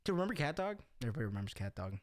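A man's voice: medium pitch, big pitch swings, rapid-fire, dry recording. Joking young man, dry close sound. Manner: joking, profane, rambling. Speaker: podcast host. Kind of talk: casual crude banter.

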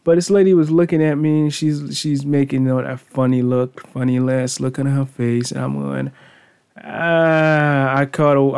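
A man's voice: medium pitch, warm tone. A man in his thirties hosting his own podcast alone on a studio mic, rambling and self-mocking, swearing freely. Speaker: podcast host. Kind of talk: casual solo podcast monologue.

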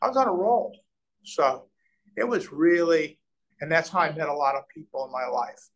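A middle-aged man from Nebraska recounts his deals in a lively interview, voicing the people he quotes. His voice sits a little high, and he often restarts his sentences while the story runs. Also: normal speed, poor audio. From Nebraska, USA. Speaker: real estate developer, guest.

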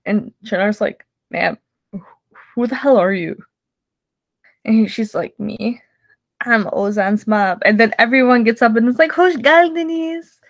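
A woman's voice: medium pitch, unhurried, vocal fry, pauses often. A young woman co-hosting a podcast, giggling as she recaps a show in casual chat and acts out the characters' lines. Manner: giggly, animated storytelling with acted quotes. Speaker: podcast co-host.

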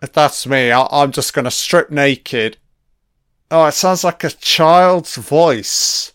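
A British man giving a casual commentary on a film. He reacts out loud and swears often as he rambles. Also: a little high, slow pace, clear, resonant tone, no echo, studio quality. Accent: British English.

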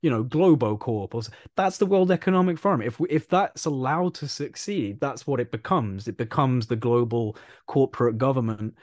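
A British man from England, chatting on a podcast in an animated, rambling way and repeating phrases for emphasis. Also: mid-range voice, normal speed, few pauses, no room sound, clean studio sound. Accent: British English. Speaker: podcast co-host. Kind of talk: casual political chat.

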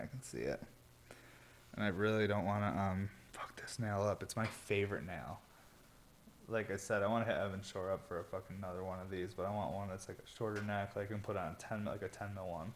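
A worn-out man talks in a loose, rambling way, his voice sitting a little low. He swears freely and sounds tired, like he has barely slept. A faint hiss hangs behind him. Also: brisk. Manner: laid-back, rambling, swears a lot. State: tired, yawning. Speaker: vlogger. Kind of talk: casual rambling monologue. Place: indoor workshop or studio.

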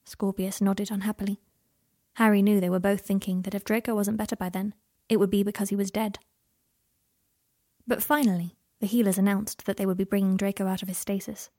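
A woman narrating fan fiction in a calm, steady storytelling voice. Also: mid-range voice, fairly quick, dry recording, clean studio sound. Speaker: reader.

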